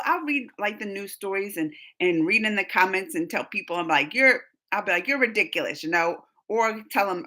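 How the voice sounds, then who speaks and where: A woman's voice: on the high side, bright, forceful tone. A woman hosting a casual live chat, rambling and laughing often as she answers her viewers. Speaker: livestream host reading chat.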